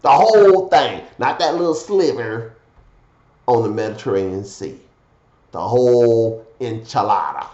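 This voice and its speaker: A man preaching a fiery scripture sermon, swinging from loud declaiming to low muttered asides. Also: very animated, measured pace, echoey room, dull audio.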